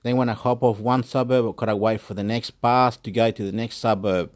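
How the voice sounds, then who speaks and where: An Australian man chatting loosely to the camera. He rambles, circles back to repeat his own phrases, and drops swear words without pause. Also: medium pitch, fairly even intonation. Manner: rambling, repetitive, swears freely. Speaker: vlogger. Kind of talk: casual solo chat.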